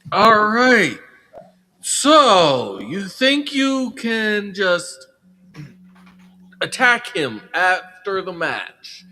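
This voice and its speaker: A man voicing a smug male wrestling general manager who lays out a rematch in loud declarations. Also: high-pitched, sing-song, very slow, pauses often, voice pushed up, exaggerated voice, poor audio. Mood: taunting.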